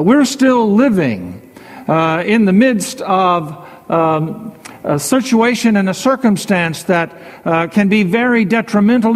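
Slow high-voiced preacher in a reverberant hall. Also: male voice. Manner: measured preaching with repetition and slow emphatic phrases. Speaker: pastor. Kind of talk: sermon.

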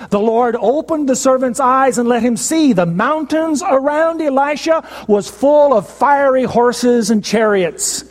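A man preaches a sermon in a high voice, retelling a story with emphatic stresses and dramatic pauses. His words carry a long reverb, as in a large hall.

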